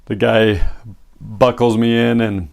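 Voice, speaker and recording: A middle-aged man giving a motivational talk, telling a personal story in an animated way and acting out the lines of the people in it. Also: lowish voice, slow, gravelly. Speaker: motivational speaker.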